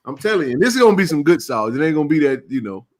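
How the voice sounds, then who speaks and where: A man's voice: fairly high pitch, big pitch swings, racing. A man, hosting a casual live sports chat stream in a laid-back, drawling way.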